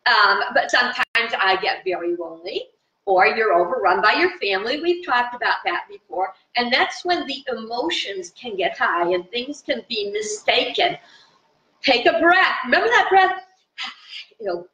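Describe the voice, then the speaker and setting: A woman giving an informal live spiritual talk to viewers from her home in the country, chatty and animated, with fillers. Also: a little high. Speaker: spiritual teacher. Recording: dull, roomy sound from a distant mic.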